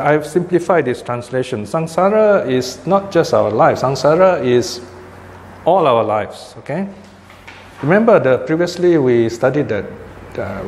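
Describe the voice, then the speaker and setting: A man's voice: mid-range voice, darkish tone. A man giving a dharma talk as a Buddhist teacher, explaining patiently and often checking with his listeners. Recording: long hall reverb, faint background noise.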